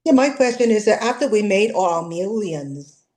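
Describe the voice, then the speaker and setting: A woman's voice: mid-range voice, lively intonation, normal speed, darkish tone. A woman client asking questions in casual conversation, hesitant and full of fillers. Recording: echoey room.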